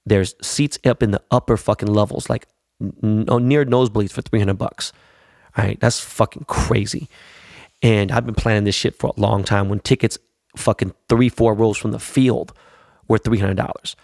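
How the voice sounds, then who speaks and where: A man's voice: fairly low pitch, fairly even intonation, moderate pace, gravelly, darkish tone, no room sound, studio quality. A middle-aged man hosting a podcast, rambling through a casual, profane and hyped monologue. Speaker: podcast host.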